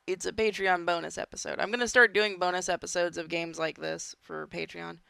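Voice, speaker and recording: A gaming host giving casual, chatty commentary while playing, drifting from quiet mutters to sudden shouts. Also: medium pitch, fairly even intonation, fairly quick, creaky, smooth, no echo.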